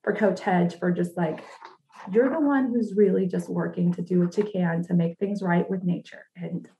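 A woman's voice: lowish voice, moderate pace, dark tone, dull audio, slight background noise. Chatty, sassy woman podcast co-host. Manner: chatty and sassy, laughs often, lots of "like". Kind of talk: casual chat.

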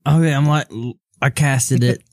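A man playing a tabletop game, talking excitedly about his spells. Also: medium pitch, moderate pace, dry recording, clean studio sound. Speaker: player. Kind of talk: casual tabletop game play.

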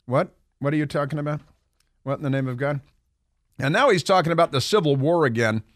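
Man, talk radio host, sarcastic and mocking, slightly high voice, dry close studio sound. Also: a little fast, no echo. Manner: sarcastic, mocking, restarts mid-sentence.

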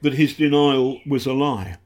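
A British investigative journalist telling stories in a casual interview, halting often and acting out the people he quotes. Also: medium pitch, a little mellow. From Britain. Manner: halting, many fillers and restarts, acts out quotes.

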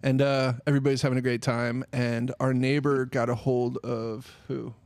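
Man, casual chat, animated storyteller, dry close mic. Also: mid-range voice, moderate pace, no echo.

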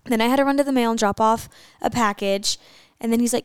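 A chatty woman co-hosting a relaxed couple's podcast, her voice smooth and fairly high. She tells long stories and laughs easily. The sound is dry and close. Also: fast talker, no echo. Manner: chatty storyteller, laughs often. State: pregnant. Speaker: podcast co-host. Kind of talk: casual couple's podcast chat.

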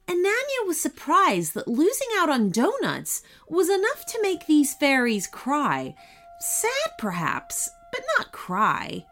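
Casting: woman storyteller for kids, lively pitch, slow and gentle delivery. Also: faint music behind. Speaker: podcast host and storyteller. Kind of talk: bedtime story narration.

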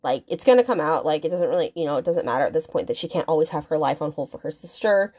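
A woman's voice: low-pitched, expressive, fast, darkish tone. A woman hosting a book podcast, recapping the story in a casual, chatty way, full of fillers, swearing and indignant asides.

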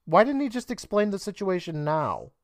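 A man's voice: sits high, huge pitch swings, normal speed, no room sound, clean studio sound. A man co-hosting a podcast, chatting casually about a TV episode, laughing often and acting out the characters' lines. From United States. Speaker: podcast co-host. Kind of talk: casual chat recapping a TV episode.

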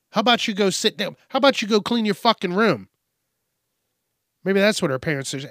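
A man's voice: a little high, very animated, moderate pace, pauses often, fairly bright tone, no room sound, studio quality. A man hosting a news commentary show, ranting in a profane, sarcastic, exasperated way while drinking beer. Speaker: host.

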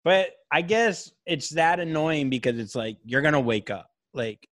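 Joking casual podcast host, dry sound. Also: male voice, fairly high pitch, moderate pace, a bit bright, no echo. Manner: crude, joking, slips into mock voices. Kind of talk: casual chat over a video call. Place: remote location on weak Wi-Fi.

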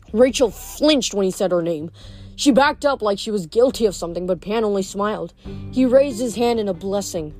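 A woman's voice: medium pitch, lively intonation, normal speed, a little mellow, faint music behind. Woman reading a novel aloud. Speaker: reader.

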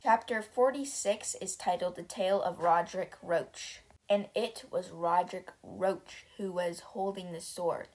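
A woman's voice: fairly low pitch, a little slow, few pauses, darkish tone. Chatty young woman retelling a story. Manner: chatty, many fillers like "like" and "you know". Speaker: podcast host retelling a book. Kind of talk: casual book summary.

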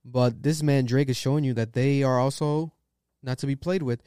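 A man's voice: mid-range voice, steady tone, moderate pace, mellow, clear, resonant tone, no room sound, studio quality. A man hosting a casual podcast, giving loose, profane opinions on music news. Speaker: podcast host.

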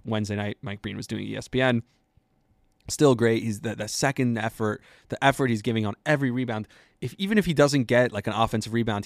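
A man's voice: on the low side, dry recording, studio quality. A man hosting a sports podcast, talking casually and rambling with lots of fillers as he goes. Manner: chatty and rambling, with many fillers.

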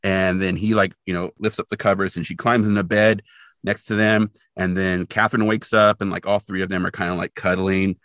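A man's voice: low voice, little pitch movement, fairly quick, fairly bright tone, no echo, clean studio sound. A man co-hosting a podcast, retelling a TV episode in casual, rambling chat with lots of fillers. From Portland, Oregon resident since 2003. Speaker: podcast co-host.

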